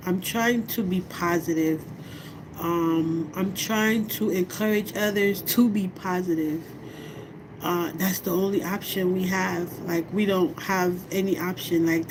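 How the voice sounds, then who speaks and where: A woman talking slowly and from the heart in a personal vlog, often checking in with "you know what I mean". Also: on the low side, noisy background. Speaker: vlogger.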